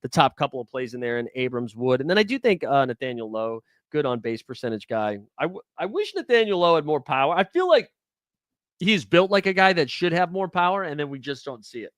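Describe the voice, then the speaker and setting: A man's voice: fairly high pitch, animated, quick pace, few pauses, a bit bright, no room sound, clean studio sound. A young man hosting a live fantasy sports stream, talking casually and jokily with lots of filler words. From New England.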